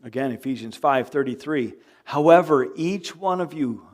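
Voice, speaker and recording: A man's voice: mid-range voice, moderate pace. A male pastor preaching a sermon in church, joking with the congregation and acting out quoted arguments in his own voice. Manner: animated, jokey, acts out quoted arguments. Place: church sanctuary.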